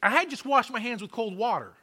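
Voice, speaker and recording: A man's voice: very high-pitched, fast talker, bright, forceful tone. A man pastor preaching a sermon in a church, telling a testimony and repeating his points with emphasis. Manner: testimony storytelling, repetitive emphatic exhortation. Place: church sanctuary.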